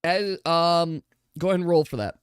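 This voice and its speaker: A game master narrating a tabletop role-playing game in slow, drawn-out descriptions that sometimes drop to a hush. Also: mid-range voice, smooth, no room sound, clean studio sound.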